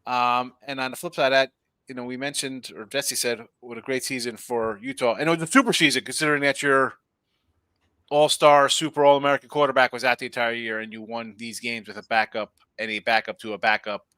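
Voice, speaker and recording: Male betting analyst, bright forceful tone, dry close sound, rambling and jokey. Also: medium pitch, level tone, a little fast, clear, resonant tone, dry recording. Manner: rambling, jokey, thinks aloud. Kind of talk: casual sports podcast chat.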